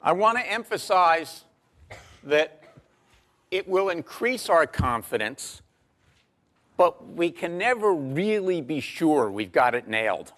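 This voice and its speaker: A man giving a university lecture in a lecture hall, measured and dry-humored, with frequent ums and uhs. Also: fairly high pitch, big pitch swings, a bit bright. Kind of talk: classroom lecture.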